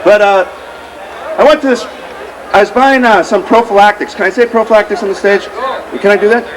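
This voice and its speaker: High-voiced man doing outdoor stand-up. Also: fairly even intonation, fairly quick. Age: 30s. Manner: rambling, self-mocking, crowd banter. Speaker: stand-up comic and emcee. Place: outdoor street fair stage. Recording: noisy outdoor crowd recording. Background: crowd noise.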